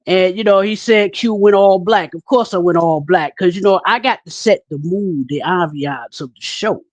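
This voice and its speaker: A man's voice: high voice, fairly even intonation, moderate pace, few pauses, dry recording, muffled recording. A man co-hosting a casual talk stream, reading viewer comments and rambling with lots of repeated words. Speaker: podcast co-host.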